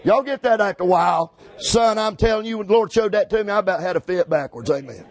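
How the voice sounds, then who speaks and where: Shouting preacher with a high voice. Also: male voice, animated, fast. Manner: rhythmic, repetitive, builds to shouting. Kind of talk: fiery Pentecostal-style sermon.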